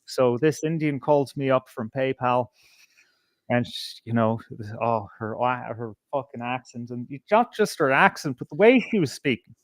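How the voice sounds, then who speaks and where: A man's voice: mid-range voice, expressive, moderate pace, no echo. A man co-hosting a podcast, chatting casually and telling rambling stories full of swearing. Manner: profane, rambling anecdotes. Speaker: podcast co-host. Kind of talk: casual chat.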